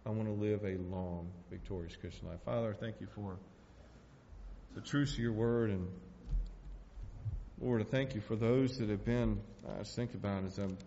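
Preacher in an echoing hall. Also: male voice, fairly low pitch, normal speed, creaky, dark tone, muffled recording, slight background noise. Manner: folksy, emotional, repeats "man" and "hey". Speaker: pastor. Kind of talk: sermon. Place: church sanctuary.

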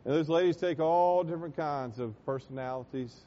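Impassioned male preacher, lo-fi church recording. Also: a little fast. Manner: impassioned preaching, swells loud then drops low. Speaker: pastor. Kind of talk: sermon. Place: church sanctuary.

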